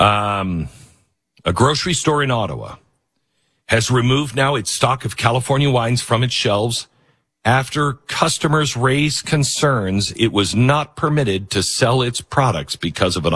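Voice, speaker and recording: Husky man with lively mocking delivery. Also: fairly low pitch. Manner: lively, mocking, laughs at own jokes. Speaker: show host. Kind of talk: casual commentary show.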